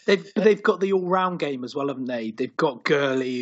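A man with a West Country accent chats about sport in an easygoing, jokey way. His voice is husky. The recording is dull and lo-fi. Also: medium pitch, lively intonation, brisk. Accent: West Country English. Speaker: podcast co-host. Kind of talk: casual sports chat. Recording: dull lo-fi sound.

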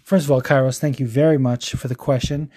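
Angry podcast host guy ranting, cussing a lot, restarts words, warm dark voice. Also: medium pitch, steady tone, fairly quick. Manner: heated, profane, stumbling restarts. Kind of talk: casual ranting podcast talk.

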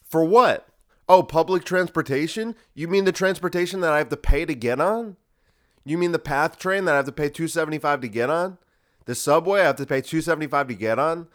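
A man's voice: on the high side, a little fast. A man hosting a solo podcast, ranting in a sarcastic, profane way. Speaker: podcast host.

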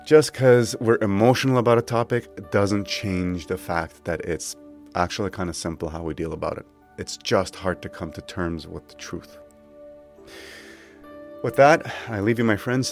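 A man's voice: sits low, normal speed, faint music behind. A man in his thirties hosting a solo podcast, speaking in a reflective, conversational way with frequent asides. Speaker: podcast host.

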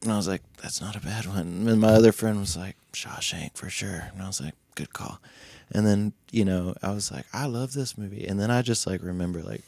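A man's voice: fairly low pitch, a little fast, vocal fry, a little mellow, no echo. A man, a podcast guest, telling a long story in casual chat, acting out the voices and laughing often, with a loose manner that swears freely. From Nashville music scene.

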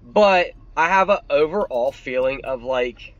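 A man's voice: on the high side, animated, measured pace, dry recording, muffled recording. A man co-hosting a podcast, talking bluntly and swearing freely in casual chat. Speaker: podcast co-host.

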